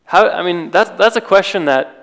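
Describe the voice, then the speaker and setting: A man's voice: sits high, normal speed, fairly bright tone, in a large hall. A man preaching an informal sermon in a conversational way, with restarts and rhetorical questions.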